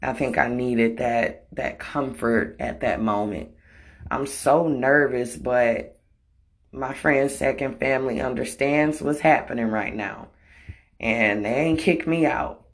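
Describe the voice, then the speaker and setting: A woman's voice: very deep voice, takes it slowly. A woman telling a personal story in a blunt, profane, emotional way. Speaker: storytelling vlogger. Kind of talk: casual storytime monologue.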